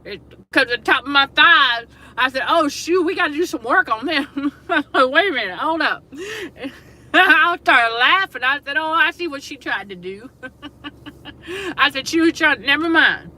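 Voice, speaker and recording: A woman's voice: high voice, lively intonation, measured pace, bright, forceful tone, low-quality recording. A woman hosting a casual spiritual talk livestream, emphatic and repetitive, who laughs often. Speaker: show host. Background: air conditioner hum.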